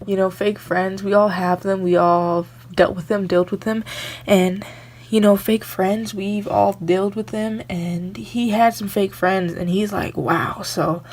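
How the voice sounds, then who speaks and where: A woman's voice: medium pitch, steady tone, measured pace, a little mellow. A young woman doing a psychic medium reading for her vlog, earnest and rambling, repeating her phrases.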